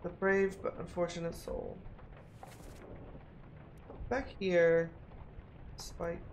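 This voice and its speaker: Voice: mid-range voice, little pitch movement, extremely slow, darkish tone, slight background noise. A streamer thinking aloud while playing a mystery game, musing and often repeating themselves while puzzling things out. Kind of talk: casual think-aloud gameplay commentary.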